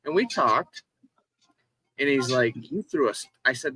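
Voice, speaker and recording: A man in casual conversation, swearing freely and retelling a roadside run-in with animated energy. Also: mid-range voice, unhurried, husky, poor audio. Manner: profane storyteller, animated retelling of a confrontation. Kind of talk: casual chat.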